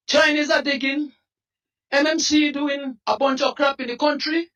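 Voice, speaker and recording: A Dominican man, a protest activist, speaking in an impassioned, pleading way that often rises to a shout. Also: extremely high pitch, normal speed. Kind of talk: impassioned street interview. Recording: voice from some distance off the mic.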